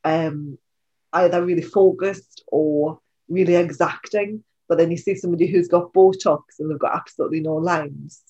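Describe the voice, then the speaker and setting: A woman with a Geordie accent and a low alto voice, co-hosting a casual podcast chat, rambling a little and laughing easily at herself. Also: fairly even intonation, normal speed, mellow, muffled recording. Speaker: podcast co-host.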